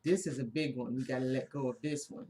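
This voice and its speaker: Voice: mid-range voice, fairly even intonation, fast talker, warm tone. A co-host in a casual spiritual talk, speaking in an emphatic, repetitive, preacher-like way.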